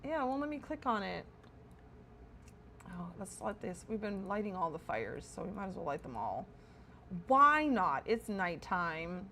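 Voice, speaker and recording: A woman's voice: medium pitch, very animated, measured pace, pushed and bright, a little hiss or hum. A woman streaming casual commentary while touring a player-built game house, chatty and full of wonder, correcting herself as she goes.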